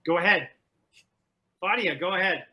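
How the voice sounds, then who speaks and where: Man, trivia host, high voice, bright tone, playful, video call. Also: normal speed, poor audio. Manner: animated, joking, repeats himself. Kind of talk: playful game-show hosting. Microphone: video call from home.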